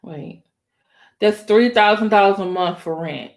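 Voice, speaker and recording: A woman doing casual live-stream commentary, excitable and talking straight to her viewers. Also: measured pace. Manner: excitable, exclaiming to viewers, voice jumps higher when excited. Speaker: YouTube commentator.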